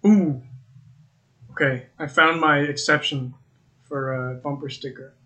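A man's voice: a little high, steady tone, unhurried, sharp tone. A young man co-hosting a casual podcast, joking and riffing playfully with strings of silly insults. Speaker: podcast co-host. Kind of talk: casual chat.

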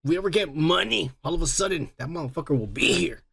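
A man's voice: on the high side, animated, fast, gravelly, a bit bright, slightly rough. A man co-hosting a podcast in casual chat, crude and rambling, repeating "yeah, yeah, yeah". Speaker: podcast co-host.

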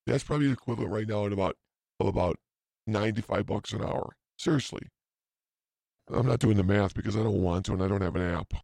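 A man's voice: on the low side, fast, vocal fry, a little mellow, no echo. A man in his fifties hosting a podcast, telling a rambling story in a profane, self-mocking way, full of asides. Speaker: podcast host.

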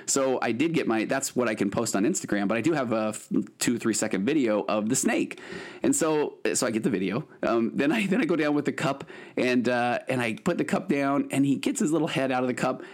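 A therapist in his late forties hosts his podcast alone and tells a personal story in a loose, animated way. He restarts phrases often and fills the gaps with "uh" and "um". His voice sits at an ordinary middle pitch for a man. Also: brisk. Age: 40s. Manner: animated, rambling with frequent restarts and fillers. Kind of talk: casual storytelling monologue.

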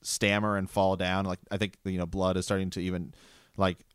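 A man with a very low, smooth and resonant voice talks casually about a book. He breaks into reading passages aloud with animated energy. The recording is close and dry. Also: brisk, no echo. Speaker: podcast co-host discussing a book.

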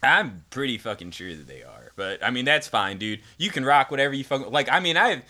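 A man's voice: mid-range voice, big pitch swings, fairly quick, pushed and bright. A young man co-hosting a podcast, swearing constantly and rambling through crude banter. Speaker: podcast co-host.

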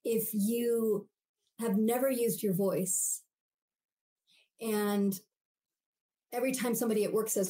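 A woman's voice: mid-range voice, fairly even intonation, a little slow, long pauses, dark tone, low-quality recording. A woman guest on a podcast interview, explaining ideas animatedly and acting out everyday voices as she goes.

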